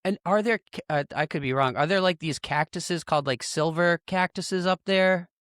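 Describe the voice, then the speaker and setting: Smooth-voiced laid-back young podcast host. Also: male voice, high-pitched, normal speed, fairly bright tone, no echo, clean studio sound. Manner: laid-back, rambling with fillers like "like" and "bro". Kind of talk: casual chat.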